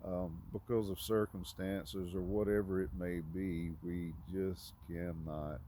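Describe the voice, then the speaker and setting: A man giving an informal, conversational sermon, halting often with fillers and restarts. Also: sits low, flat delivery, warm tone, a little hiss or hum. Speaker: preacher.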